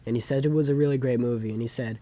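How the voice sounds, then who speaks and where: A man's voice: medium pitch, steady tone, rapid-fire, mellow. A young man talking casually about movies he has watched, rambling with lots of fillers and self-corrections. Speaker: vlogger. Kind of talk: casual movie review monologue.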